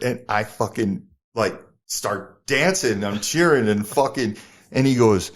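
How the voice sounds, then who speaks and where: A middle-aged man with a New Jersey accent, a podcast guest telling a story in a lively, profane way and acting out other people's lines. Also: mid-range voice, slow pace. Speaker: podcast guest, former model. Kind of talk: casual storytelling interview.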